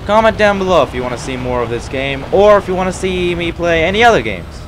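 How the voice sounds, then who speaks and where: Excitable gamer guy, kinda high voice, bouncy and animated, chatting while he plays. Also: fast, a little hiss or hum. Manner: excitable, reacting loudly to the game. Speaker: gaming video creator. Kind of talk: casual gameplay commentary.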